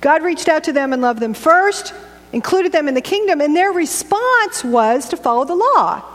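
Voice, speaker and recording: Woman preacher, middle-aged, very high voice, chatty and joking sermon, echoey church hall. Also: moderate pace. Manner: animated, conversational and joking. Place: church sanctuary.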